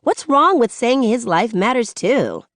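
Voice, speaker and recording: Woman reading Haley, a shrill indignant teen girl. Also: sing-song, unhurried, fairly bright tone, no room sound, clean studio sound. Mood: incredulous. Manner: high-pitched, rising and accusing. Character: indignant teenage girl, defensive and sharp. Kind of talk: audiobook narration.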